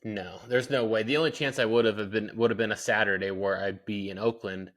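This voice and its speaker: A man's voice: lowish voice, brisk. Chatty young man telling dad stories. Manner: animated storytelling, lots of fillers. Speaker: podcast co-host. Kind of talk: casual chat.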